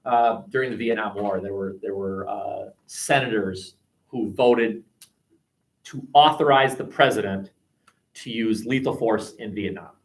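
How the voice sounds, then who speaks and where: A man's voice: on the low side, measured pace. A man with an American accent teaching a history class, talking in a chatty, digressive way with many restarts. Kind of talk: classroom discussion. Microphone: webcam.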